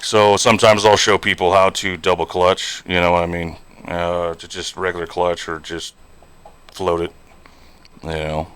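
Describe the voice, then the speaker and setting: A man's voice: low voice, flat delivery, moderate pace, a bit bright, clean tone. A man streaming a trucking game and chatting casually, rambling along with lots of fillers and "you know". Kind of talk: casual live-stream chat while gaming.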